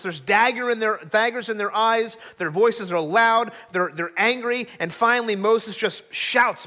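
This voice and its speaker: A man's voice: high voice, moderate pace, few pauses, sharp tone. A middle-aged man preaching a sermon as pastor, earnest and acting out quoted voices.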